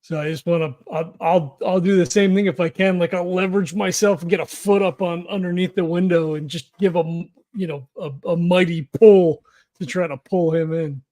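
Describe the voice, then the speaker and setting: A man with a notably high voice talks through his moves at a tabletop game, thinking aloud and restarting his sentences. The chat is casual and searching. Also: steady tone, normal speed, warm tone, dry recording, studio quality. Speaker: player.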